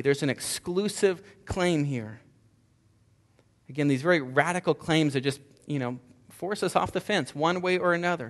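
A man's voice: a little high, long reverb tail. A male pastor delivering an earnest sermon, stressing points with repeated rhetorical questions.

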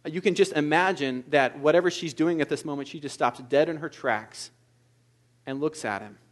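Earnest male preacher, soft to emphatic. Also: a little high, normal speed. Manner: earnest, shifts between soft intimate asides and loud emphatic exhortation. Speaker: pastor. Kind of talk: sermon.

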